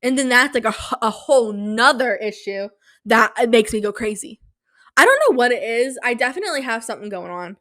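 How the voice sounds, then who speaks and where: A woman's voice: a little high, animated, a little fast, a bit bright, no echo. Hyper, rambling young woman podcaster. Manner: hyper, rambling, self-mocking. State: sleep-deprived and slap-happy; sore throat from yelling. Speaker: podcast host. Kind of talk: casual solo podcast chat. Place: small home studio. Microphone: studio mic, close.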